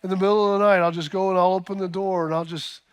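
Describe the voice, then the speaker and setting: A man telling of a gentle older mother, soft-spoken. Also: high voice, level tone, quick pace, clear, resonant tone, close to an everyday voice. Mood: tender. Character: gentle older mother who waits for her daughter.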